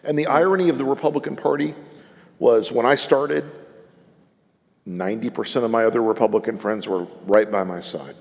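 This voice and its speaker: A mid-range, brisk voice with vocal fry and a slightly mellow quality belongs to a political strategist performing on an event stage. Before the audience he recounts salty, blunt stories, voicing the people he quotes, and the recording carries live hall reverb.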